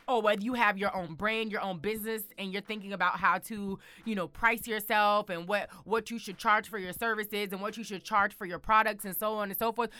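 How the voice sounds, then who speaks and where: A woman's voice: mid-range voice, pushed and bright, no echo. A woman hosting a casual motivational talk, sassy and emphatic, calling the listener honey. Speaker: show host.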